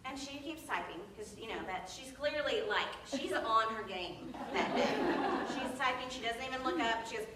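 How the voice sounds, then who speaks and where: Animated, laughing woman telling a story. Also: on the high side, fairly quick, far from the mic, a crowd in the background. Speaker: speaker at a church event. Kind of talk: humorous storytelling talk. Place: church hall with an audience. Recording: echoey hall from afar, audience laughter.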